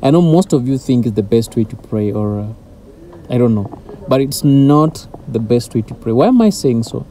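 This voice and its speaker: A man's voice: medium pitch, animated, normal speed, warm tone, slight background noise. A man giving an informal devotional talk as a Christian teacher, earnest and driving his points home through repetition.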